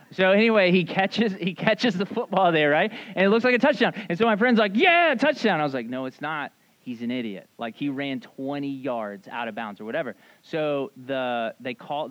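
Chatty, animated man preaching. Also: on the high side, no echo, highs cut off. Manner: conversational, animated, frequent "like" and "right?", acts out quotes. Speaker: pastor. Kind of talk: casual sermon.

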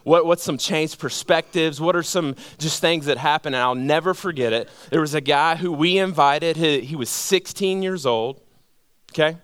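A man preaching a sermon, telling a story and letting his voice drop low and quiet at the heaviest moments, then building with emphatic repeated phrases. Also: normal speed, clear, resonant tone, dry recording. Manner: storytelling, drops low and quiet at emotional points. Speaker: pastor.

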